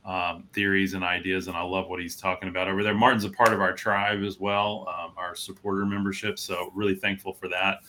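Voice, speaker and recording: Bright-voiced enthusiastic male podcast host. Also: sits low, level tone, a little fast, few pauses, a little hiss or hum, low-quality recording. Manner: enthusiastic, affirming, lots of fillers. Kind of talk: casual podcast chat.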